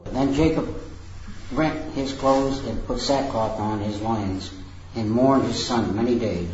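Man reading scripture aloud, measured. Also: medium pitch, darkish tone, a little hiss or hum. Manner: measured, careful reading with small slips. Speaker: scripture reader. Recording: echoey, dull lo-fi room recording.

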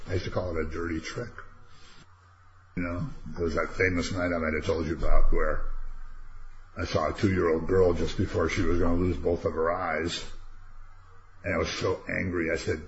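Low-voiced older man leading Bible study. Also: brisk, roomy sound. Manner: conversational, animated when quoting God. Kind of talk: informal Bible study teaching. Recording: dull lo-fi recording with faint noise.

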